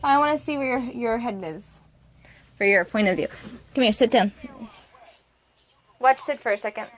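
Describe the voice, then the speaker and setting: Higher-voiced young mother venting at home. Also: moderate pace. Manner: venting frankly, switching to a sweet coaxing tone with her child. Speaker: mother vlogging her day. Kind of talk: casual home vlog chat. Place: family home, indoors.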